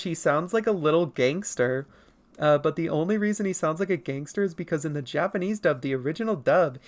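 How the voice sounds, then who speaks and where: An artist streamer chatting casually with viewers while drawing late at night, rambling, laughing often and deliberately keeping the voice pitched above its natural level. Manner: consciously holds voice higher than natural. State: up late, nearly four in the morning. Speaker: artist streamer answering chat questions.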